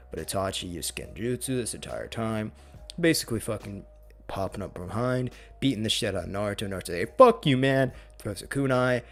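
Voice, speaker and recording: A man casually narrating a fan what-if story in a profane, rambling, slangy way. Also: deep voice. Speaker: channel host.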